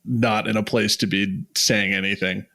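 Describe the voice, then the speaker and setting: A man's voice: fairly low pitch, flat delivery, normal speed, bright, forceful tone. A man co-hosting a podcast in casual chat, laughing often and steering the talk back on track. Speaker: podcast co-host.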